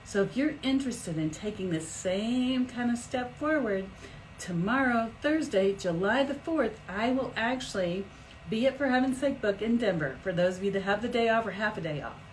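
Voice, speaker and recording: Middle-aged woman live streaming, chatty and animated, voice swoops around, faint room hum behind. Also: a little high, moderate pace, poor audio. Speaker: energy healer hosting a live stream. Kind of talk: casual live-stream talk.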